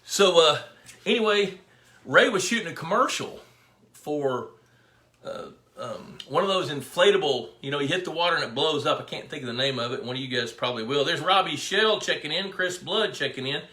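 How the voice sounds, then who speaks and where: A middle-aged man chats on a live stream from an echoey room, his voice bright and slightly high. He rambles from story to story and calls out viewers by name. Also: animated, normal speed. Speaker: fisheries biologist hosting a live pond Q&A. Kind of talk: casual live-stream chat. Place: indoor room with his dog.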